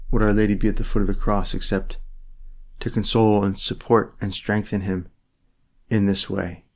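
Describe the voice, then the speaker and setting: A man with a fairly low voice leads a reflective sermon. He lays out his thoughts in short, measured phrases. Now and then he turns from the listeners to speak to God directly in prayer. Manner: slow, phrase-by-phrase delivery with pauses.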